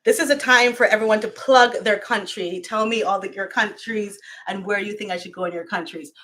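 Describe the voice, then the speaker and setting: A woman's voice: medium pitch, a little fast, sharp tone. A young woman from Barbados with a Barbadian accent, chatting effusively on a live stream and laughing often. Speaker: YouTuber hosting a live stream. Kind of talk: casual live-stream chat. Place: at home, camera set far off.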